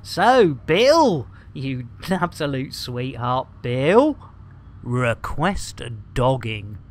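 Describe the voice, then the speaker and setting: A man's voice: medium pitch, very animated, extremely slow. Cheeky man streaming a game. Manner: jokey, rambling, cheeky innuendo, frequent laughter. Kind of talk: live gameplay commentary.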